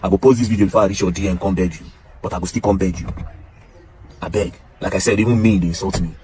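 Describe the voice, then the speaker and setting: A man's voice: sits low, fairly even intonation, very fast, a little mellow. A man with a Nigerian Pidgin English accent, talking straight to camera and pleading emphatically in pidgin. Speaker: social media commentator. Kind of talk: casual monologue to camera.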